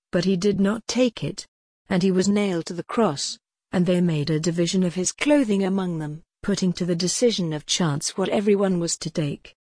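A woman giving a measured, deliberate reading of scripture aloud. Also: lowish voice, a little mellow, dry recording, clean studio sound.

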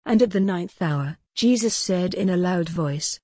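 A woman giving a measured, deliberate reading of scripture aloud. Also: on the low side, dark tone, husky, no echo, clean studio sound.

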